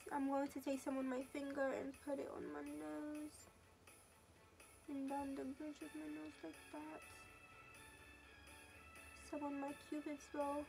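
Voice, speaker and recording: A woman's voice: high voice, monotone, unhurried, gravelly, long pauses, music in the background. A teenage girl talking through a makeup tutorial in a chatty, casual way, narrating each step as she goes. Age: teens. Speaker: beauty vlogger.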